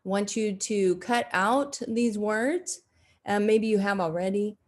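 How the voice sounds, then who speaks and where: Woman teacher narrating a recorded lesson to young kids over slides. She speaks slowly and deliberately, with many "uh" fillers and restarts. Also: mid-range voice. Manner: slow, deliberate, with frequent fillers and self-corrections. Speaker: second grade teacher.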